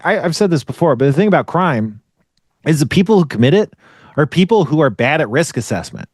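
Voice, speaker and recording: A man of middle pitch co-hosting a podcast in a loose, rambling way, full of fillers, restarts and quick laughs. His voice is recorded close and dry, with no room sound. He talks like someone thinking things through out loud. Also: no room sound. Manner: laughs often while talking. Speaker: podcast co-host. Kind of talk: casual conversational commentary.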